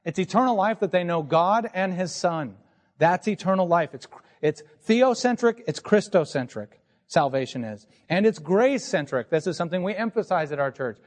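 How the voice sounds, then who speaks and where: Guy preaching in church, kinda high voice for a man, earnest, keeps asking the room questions. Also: animated, moderate pace. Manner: earnest teaching tone, rhetorical questions. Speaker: pastor. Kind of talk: sermon. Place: church sanctuary.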